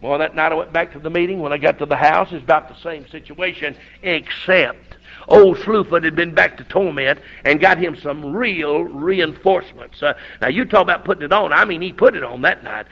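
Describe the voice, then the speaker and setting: A middle-aged Southern US man with a sore throat preaches a folksy, fervent revival sermon, his voice on the high side with vocal fry at a moderate pace. He tells stories and builds up to shouts, captured on a dull lo-fi recording.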